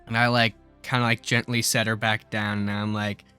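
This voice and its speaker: A man's voice: fairly low pitch, flat delivery, moderate pace, pushed and bright, clear, resonant tone, faint music behind. A young man casually talking and swearing at his mistakes while building a spaceship in a game. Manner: swears freely, grumbles and exclaims at mistakes; rambling storytelling with filler words.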